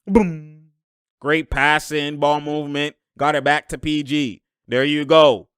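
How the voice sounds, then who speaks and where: A young man calls out a basketball game as he watches it, slangy and excitable, laughing a lot and hollering at the plays. His voice is bright and crisp and sits a little high. The sound is dry and close, with no room around it. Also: slow pace, no room sound. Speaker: basketball commentator reacting to a game. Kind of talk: live game reaction commentary.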